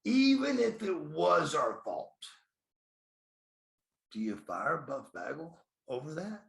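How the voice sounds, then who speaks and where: Speaking of himself by his own name, a fifty-something ex-pro wrestler recounts blunt, profane stories in a podcast interview recorded in an echoey room. His fairly high voice is sing-song and a bit bright, slow-paced, with vocal fry.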